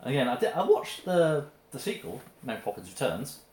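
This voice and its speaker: A man's voice: mid-range voice, sing-song, fairly quick, a little mellow. A man co-hosting a casual mealtime chat, often stopping and restarting his phrases. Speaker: co-host. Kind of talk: casual chat over a meal. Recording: roomy echo with faint noise.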